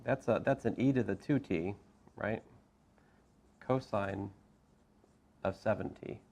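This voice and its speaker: A man lecturing as a math professor in a classroom, talking through each step with asides and quick self-corrections. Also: on the low side, creaky, a little mellow. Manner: talks through steps with frequent asides and restarts.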